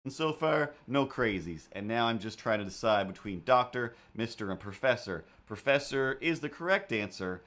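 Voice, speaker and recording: A live-stream artist with an expressive, lowish voice and a fairly bright tone talks at a moderate pace with hardly any pauses. He chats casually and rambles while drawing, murmuring playful asides to himself.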